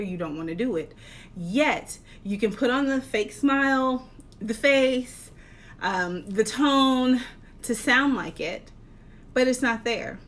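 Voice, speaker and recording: A woman life coach giving an earnest, encouraging talk, posing rhetorical questions with measured, deliberate delivery. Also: mid-range voice, fairly bright tone. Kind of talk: motivational talk to camera.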